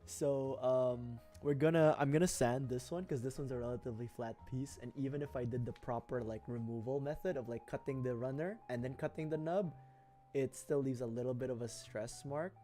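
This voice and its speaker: A man's voice: medium pitch, fairly quick, dark tone, faint music behind. A young man from the Philippines chatting casually on a livestream while building a model kit, laughing often and repeating himself. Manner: giggly, rambling, repeats phrases.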